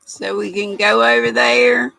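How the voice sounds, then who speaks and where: Gravelly older lady, slow folksy livestream chat, reads comments, dry sound. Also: on the high side, fairly even intonation, bright, forceful tone, no echo, poor audio. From United States. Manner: chatty, folksy, reads viewer comments aloud and laughs often. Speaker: livestream host.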